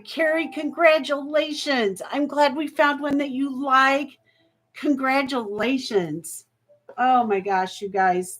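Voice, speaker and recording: Slow-talking woman hosting a live jewelry auction. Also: medium pitch, a bit bright, rough recording. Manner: slow, chatty, thankful, with fillers. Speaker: live jewelry sale host. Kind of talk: live-stream auction chat.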